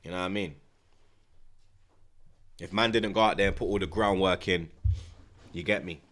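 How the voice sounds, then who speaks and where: A man, a football streamer talking in a loud, swaggering rant full of repeated slang tags. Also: low-pitched, normal speed. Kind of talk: casual boastful rant.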